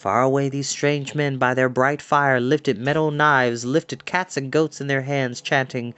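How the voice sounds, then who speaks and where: A man reading a book aloud as a storyteller, in a dramatic, expressive way. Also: mid-range voice, unhurried, hardly any pauses, smooth.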